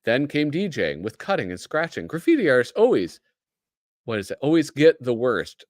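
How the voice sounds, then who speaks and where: A man's voice: mid-range voice, big pitch swings, normal speed, darkish tone, no echo, clean studio sound. Midwestern guy chatting on a stream, bouncy up and down delivery, jokey. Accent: American Midwestern. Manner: chatty, reads aloud, jokey asides. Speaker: host. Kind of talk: casual livestream chat.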